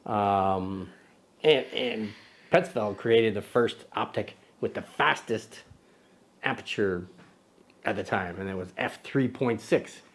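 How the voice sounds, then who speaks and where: Taking it slowly in a lowish voice, with slight background noise, a man hosts a casual camera show. He's playful and teasing with a little sidekick, and his rambling speech has many ums and self-corrections.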